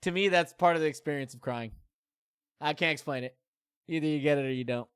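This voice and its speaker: A man's voice: on the high side, brisk, clean tone, no echo, studio quality. A man in his thirties streaming, chatting candidly and rambling with many fillers and self-deprecating asides. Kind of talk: casual chat to stream viewers.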